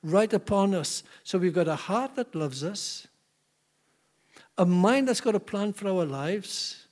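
A man preaching a sermon, telling stories with animated delivery and frequent restarts. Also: sits high, measured pace. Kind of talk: sermon storytelling.

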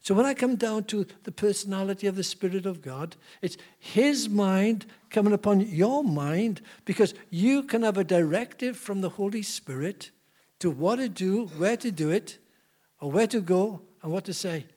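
Brief: preacher, high voice, animated storyteller, repeats himself. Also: male voice, moderate pace. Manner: animated, repetitive restarts. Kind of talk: sermon storytelling.

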